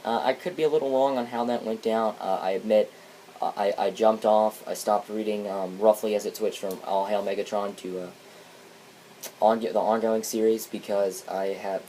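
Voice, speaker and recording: A man's voice: fairly low pitch, mellow, a little hiss or hum, rough recording. A man giving a casual spoken comic review, rambling and hesitant, often restarting his sentences.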